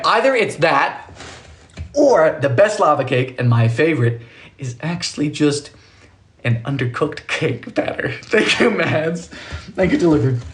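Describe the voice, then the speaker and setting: A man's voice: fairly high pitch, fairly bright tone. Chatty man hosting a baking livestream. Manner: chatty, jokey, keeps thanking viewers by name. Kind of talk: casual live-stream chat while baking. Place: small home kitchen.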